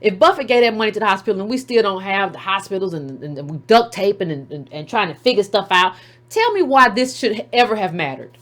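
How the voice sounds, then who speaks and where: A woman's voice: mid-range voice, lively intonation, fast talker, fairly bright tone. A woman hosting her own commentary show, arguing emphatically with rhetorical questions and mocking impressions of others. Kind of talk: opinionated commentary monologue.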